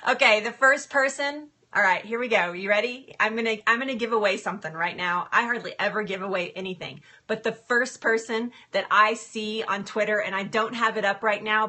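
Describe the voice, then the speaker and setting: Upbeat woman health coach on a phone live stream, bright voice, laughs easily. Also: mid-range voice. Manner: bubbly, giggly, talks to viewers by name. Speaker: livestream host, health coach. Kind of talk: casual live-stream chat. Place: home kitchen. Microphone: phone camera.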